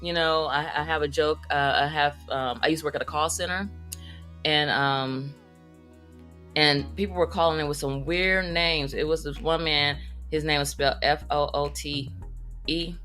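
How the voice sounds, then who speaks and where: A woman comedian rambles through her stories in a casual, animated monologue. Her voice sits low yet comes across bright and forceful. Now and then she flips into high, squeaky voices to quote people, and faint music plays behind her. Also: moderate pace. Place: Las Vegas.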